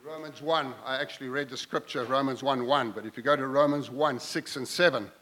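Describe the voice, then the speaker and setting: A man's voice: medium pitch, fairly even intonation, brisk, bright, forceful tone, poor audio. A man preaching a sermon, emphatic and repetitive, building his phrases in intensity as he goes.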